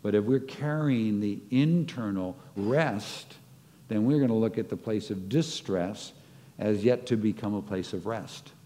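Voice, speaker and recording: A man's voice: on the low side, a little slow, dark tone. A man preaching a sermon, reflecting on scripture and acting out short stories as he teaches. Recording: long hall reverb.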